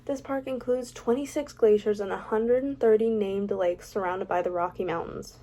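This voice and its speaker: A woman's voice: mid-range voice, steady tone, moderate pace, warm tone. A young woman vlogging casually, reading out facts and adding chatty, opinionated, self-mocking asides. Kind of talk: casual ranking vlog, reading facts aloud.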